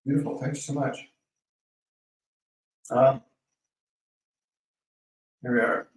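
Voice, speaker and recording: A man hosting a live question-and-answer stream, calmly coaching viewers by name and guiding them through slow breathing. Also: medium pitch, distant mic. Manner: calm, coaching, speaks directly to viewers by name. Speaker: host of a live Q&A. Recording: very echoey room, voice off-mic.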